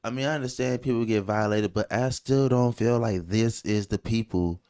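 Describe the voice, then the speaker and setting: A man with a fairly low voice co-hosts a relaxed podcast chat. He talks loosely and tells his stories with plenty of animation. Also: moderate pace, clear, resonant tone. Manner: loose, animated storytelling with jokey put-on voices. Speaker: podcast co-host.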